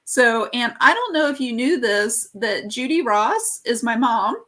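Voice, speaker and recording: A woman's voice: on the high side, animated, unhurried, fairly bright tone. A woman hosting a casual live-stream interview as an art course teacher, rambling and easily sidetracked.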